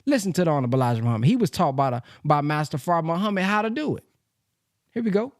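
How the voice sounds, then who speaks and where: A man presenting a sales lesson from slides in a lively, casual way, with slang, talking straight to his audience. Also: a little high, very fast. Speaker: presenter teaching a sales system.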